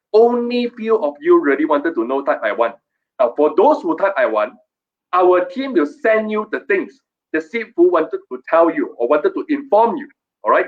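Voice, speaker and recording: A man hosting a live stream, coaxing viewers in a repetitive, playfully scolding sales-pitch manner. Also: phone-quality sound.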